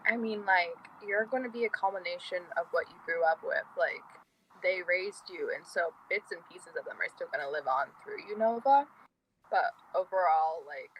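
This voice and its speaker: A woman voicing a blunt, loyal young woman fighter, speaking softly with lots of "like". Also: expressive, normal speed, low-quality recording. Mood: comforting. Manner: soft-spoken, filler-heavy. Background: faint highway traffic.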